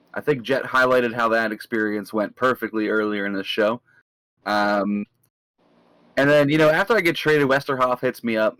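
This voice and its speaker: A man's voice: mid-range voice, fairly bright tone, no room sound, low-quality recording. A man co-hosting a podcast, ranting with sarcasm in casual chat.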